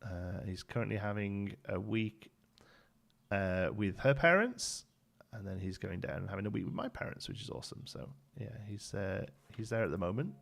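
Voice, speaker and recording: A man's voice: on the low side, big pitch swings, moderate pace, creaky, a bit bright. A man in his thirties from Birmingham with a Brummie accent, chatting casually as a game streamer, rambling with lots of restarts. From Birmingham, England. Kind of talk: casual live-stream chat. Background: faint background music.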